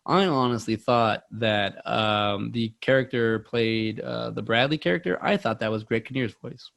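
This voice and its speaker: A man's voice: mid-range voice, measured pace, creaky, fairly bright tone. A man hosting a movie podcast in casual, rambling chat, self-deprecating with many restarts. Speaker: podcast host.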